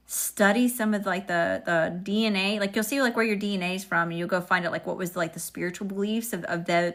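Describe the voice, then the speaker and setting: A woman's voice: medium pitch, fairly bright tone. A woman, chatting sassily with viewers while giving a casual live-stream tarot reading. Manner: sassy, chatty, talks to viewers. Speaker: tarot reader.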